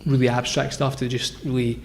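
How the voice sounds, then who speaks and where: A man's voice: mid-range voice, flat delivery, fairly quick, creaky, a little hiss or hum. A man, a guest founder telling his story in a casual interview, rambling with lots of fillers and restarts. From Scotland. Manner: rambling, filler-heavy, self-correcting.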